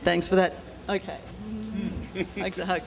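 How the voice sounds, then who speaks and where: A woman's voice: lowish voice, level tone, measured pace, creaky. A woman gives an acceptance speech. She is moved and hesitant, scattering ums and little laughs as she thanks the people who supported her. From Australia. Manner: emotional, hesitant, with many ums and small laughs. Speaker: honoree giving an acceptance speech. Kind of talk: informal ceremony speech.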